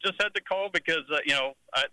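A man's voice: a little high, fast, bright, forceful tone, clear, resonant tone, dry recording, low-quality recording. A man from Pennsylvania calling in to a radio show, chatty and teasing. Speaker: caller. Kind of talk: phone call to radio show.

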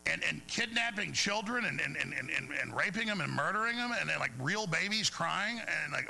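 A man with a high, gravelly, sharply bright voice rants through a radio monologue. He stumbles over repeated words as he pushes on. A faint mains hum sits under the recording. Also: lively intonation, fairly quick, hardly any pauses, rough recording. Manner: rambling, repeats words, heated. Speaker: radio show host. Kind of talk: agitated talk radio monologue.

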